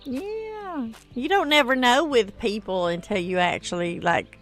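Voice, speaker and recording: A woman's voice: a little high, unhurried, soft background music. Tired chatty woman streamer. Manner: chatty, reads viewer comments aloud. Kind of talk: casual gameplay stream chat.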